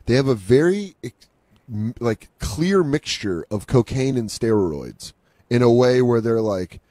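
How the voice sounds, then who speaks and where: A man's voice: medium pitch, animated, measured pace, dark tone, no room sound. A man co-hosting a casual comedy podcast, rambling and laughing through crude jokes. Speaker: podcast co-host.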